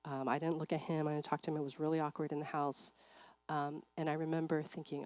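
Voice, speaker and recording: Woman speaker at a church seminar, lowish voice, chatty storytelling full of fillers, dry close sound. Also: little pitch movement, a little fast, darkish tone, no echo. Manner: conversational, frequent filler words. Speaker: seminar speaker and clinical psychologist.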